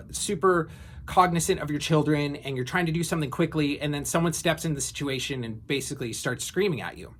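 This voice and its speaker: A man's voice: on the high side, a bit bright. Reflective man telling a personal story. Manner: reflective, loose, many fillers and restarts. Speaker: vlogger.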